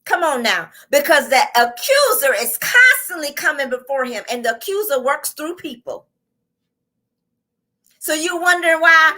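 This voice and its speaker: Bright-voiced, fervent woman preaching. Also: high-pitched, lively intonation, normal speed. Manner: fervent, repetitive, with call-outs to the audience. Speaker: host and coach. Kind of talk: preaching-style motivational talk. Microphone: live online show.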